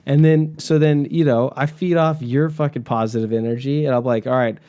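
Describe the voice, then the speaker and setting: A young American man chatting on a podcast in a relaxed, rambling way. His voice sits in a mellow, warm register at an ordinary pitch. He swears casually and keeps the talk loose. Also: brisk, smooth. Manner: rambling, swears freely, laughs often. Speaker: podcast co-host. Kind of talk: casual chat.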